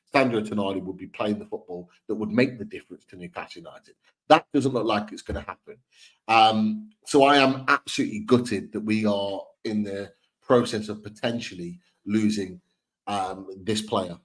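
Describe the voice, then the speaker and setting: A man speaks in a lowish voice on a live football fan stream. He sounds earnest and thinks aloud, doubling back on words as he makes his case. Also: poor audio. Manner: earnest, repeats words and restarts. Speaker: football podcast co-host.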